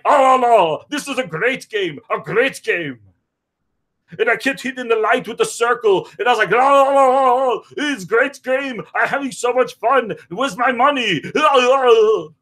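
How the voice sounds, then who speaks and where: A boastful, foul-mouthed action movie star rambles through a comedic parody interview in a high, raised voice, as a man puts him on. He jumps from story to story and breaks into bursts of shouting and sing-song. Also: moderate pace, exaggerated voice. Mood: manic excited.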